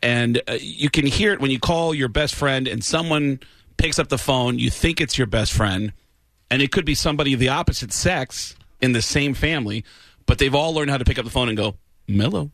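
A man from the Bronx, an impressionist, telling stories in an animated way in casual chat. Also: medium pitch, fairly quick, dry recording. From the Bronx, New York. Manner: animated storytelling, shouting quoted voices. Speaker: impressionist guest.

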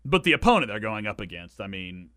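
A man's voice: on the low side, big pitch swings, quick pace, bright, forceful tone, clean tone, dry recording, studio quality. A man co-hosting a casual sports podcast, talking at length with frequent restarts and firm opinions. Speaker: co-host.

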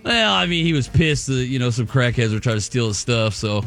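A man's voice: mid-range voice, animated, a little fast, fairly bright tone, soft background music. A man co-hosting a radio show, telling a laid-back story and laughing easily. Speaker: radio co-host. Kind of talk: casual radio banter.

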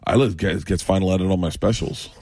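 A middle-aged man chatting and telling animated stories about his family, laughing often as he talks. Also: low voice, quick pace, gravelly, husky, no echo, clean studio sound. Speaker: comedian guest. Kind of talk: animated storytelling chat.

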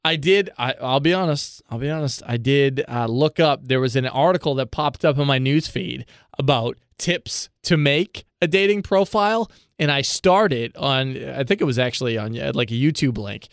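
A man's voice: mid-range voice, lively intonation, moderate pace, clear, resonant tone, no room sound, clean studio sound. A man co-hosting a podcast, chatting casually in a hesitant, self-deprecating way with frequent restarts. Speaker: podcast co-host. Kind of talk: casual chat.

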